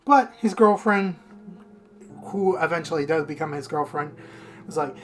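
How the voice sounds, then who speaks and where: A man's voice: on the high side, moderate pace, pauses often. A man casually reviewing a manga in a rambling, profane, unfiltered way.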